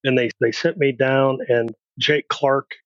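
A man's voice: mid-range voice, steady tone, measured pace, no room sound. A middle-aged man, a podcast guest, telling his life story candidly in a blunt, plain-spoken way and acting out remembered dialogue. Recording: dry, slightly dull recording.

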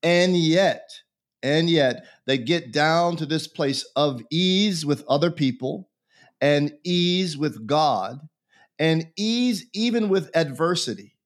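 A man's voice: on the high side, animated, takes it slowly. A bishop being interviewed, a man who talks in an earnest, preacherly way and repeats phrases for emphasis. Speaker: bishop, guest. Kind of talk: conversational religious interview.

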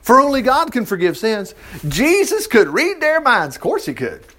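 A man's voice: very high voice, moderate pace. A man preaching in a folksy way, reading scripture aloud and breaking off into joking asides. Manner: folksy, animated, reads scripture then riffs with jokes and laughs. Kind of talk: conversational Bible teaching with asides.

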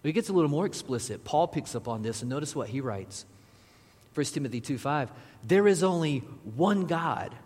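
A man preaches in a casual, talk-to-the-room way, pausing to put questions and asides straight to his congregation. His voice is a little husky. The sound carries the long echo of a large church sanctuary. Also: medium pitch, animated, a little mellow. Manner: conversational preaching with asides to the audience. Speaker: pastor. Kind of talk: sermon. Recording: long reverb of a large hall.

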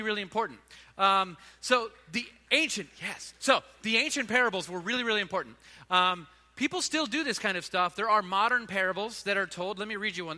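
A man's voice: high-pitched, sharp tone, long reverb tail. A man giving a sermon, telling stories in an informal, conversational way. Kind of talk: sermon storytelling.

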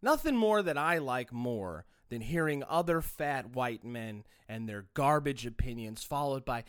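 A man's voice: medium pitch, expressive, a little slow, smooth, dry recording, studio quality. A man hosting a solo podcast, talking in a profane, rambling rant with frequent restarts. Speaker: podcast host.

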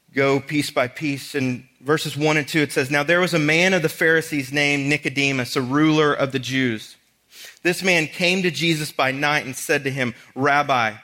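Bright-voiced preacher. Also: male voice, on the high side. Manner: conversational, acts out dialogue with casual asides. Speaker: pastor. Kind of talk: sermon.

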